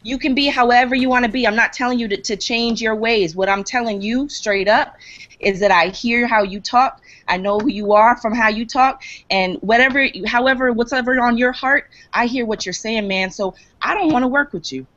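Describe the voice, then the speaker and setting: A fairly high-voiced woman speaks bluntly and directly in a heated online debate. Her video-call audio sounds slightly muffled. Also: normal speed, fairly bright tone. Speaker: panelist in an online discussion.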